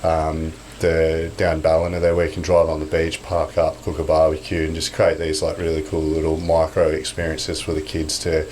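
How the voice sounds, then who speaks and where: A man's voice: a bass voice, completely flat delivery, normal speed, few pauses, a little mellow, a little hiss or hum. A man in his thirties, a business owner, chatting casually as a podcast guest and rambling with many filler words.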